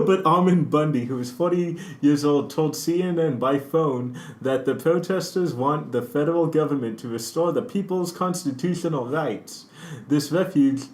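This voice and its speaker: A man's voice: on the high side, a little mellow. A man co-hosting a casual news chat, joking and laughing often, recorded indoors in a room that is not well suited to recording. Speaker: news show co-host. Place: indoors, not ideal spot. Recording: echoey room.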